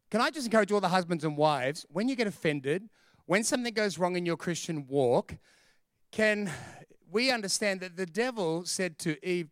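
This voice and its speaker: A man preaching a sermon as a pastor, animated and storytelling, acting out the voices of the people in his stories. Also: high voice, moderate pace, no room sound, studio quality.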